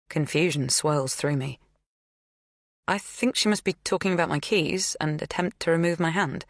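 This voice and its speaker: A woman narrating an audiobook in a measured, even reading. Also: deep voice, gravelly, no room sound, studio quality. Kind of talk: scripted first-person narration.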